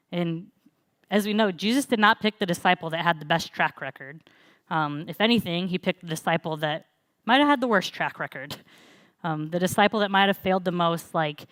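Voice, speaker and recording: Young female pastor, low-pitched, chatty sermon delivery, dry close sound. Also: fairly bright tone, no echo. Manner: conversational, storytelling with frequent fillers. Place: church.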